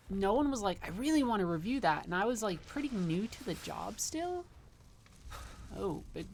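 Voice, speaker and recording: A woman's voice: lowish voice, a little hiss or hum. A woman livestreaming a game, giving chatty, wry commentary with rambling asides. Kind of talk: casual gameplay commentary.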